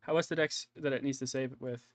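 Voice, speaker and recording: A man running a tabletop game as game master, relaxed and joking with his players. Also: mid-range voice, quick pace, dry recording.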